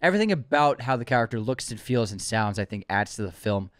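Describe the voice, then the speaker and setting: Full of enthusiasm, this male podcast co-host talks fast in an animated, fairly bright, middle-pitched voice, teasing his co-host in casual chat. The sound is dry and close, free of echo.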